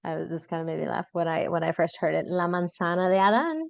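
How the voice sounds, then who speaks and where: A young adult woman gives a relaxed podcast lesson, explaining each word patiently and saying it again slowly. Her voice sits a little low, and the dry sound suggests a small quiet room close to the mic. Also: gravelly, dry recording, muffled recording. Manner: explains patiently, repeats words slowly, casual asides. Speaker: Spanish teacher and podcast host.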